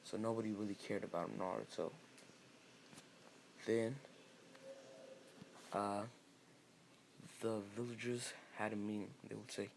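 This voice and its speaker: A man's voice: fairly low pitch, steady tone, measured pace, creaky, long pauses, a little hiss or hum. A man casually improvising a fan-fiction story, rambling with restarts and fillers.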